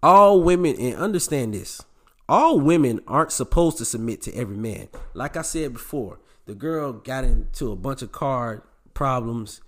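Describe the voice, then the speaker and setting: A man's voice: medium pitch, lively intonation, normal speed. A man hosting a podcast, delivering a blunt, preachy monologue straight to his male listeners and swearing freely as he goes. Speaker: podcast host.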